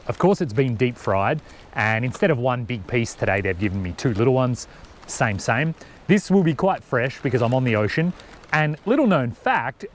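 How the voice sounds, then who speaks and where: A man's voice: medium pitch, slight background noise. A man, chatting upbeat to camera outdoors as a travel vlogger, explaining things with enthusiasm. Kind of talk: casual vlog talk to camera. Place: outdoors at a campsite and a windy picnic table.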